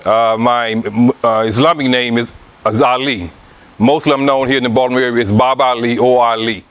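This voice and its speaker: A man's voice: medium pitch, fairly even intonation, normal speed, a bit bright, clear, resonant tone. A middle-aged man from Alabama with a Southern accent, giving a public talk about his book to a live audience, with many restarts and fillers.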